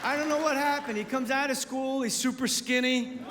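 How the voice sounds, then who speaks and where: A man doing a stand-up comedy set, telling animated stories and acting out both sides, swinging from muttering to shouting. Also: extremely high pitch, fairly quick, a loud crowd. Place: comedy club stage. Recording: live club recording, roomy hall reverb with audience laughter and noise.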